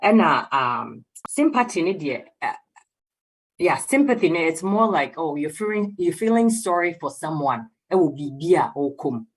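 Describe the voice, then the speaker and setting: A woman's voice: low voice, very animated, normal speed, slightly rough. A Ghanaian woman explaining ideas on a radio talk program, mixing English and Twi and calling her listener "dear". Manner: mixes English and Twi, warm address with "dear". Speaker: radio program guest speaker.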